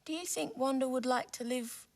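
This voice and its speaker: A woman presenting a children's TV show, playing gently with toy animals and asking the young viewers questions. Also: high voice, normal speed.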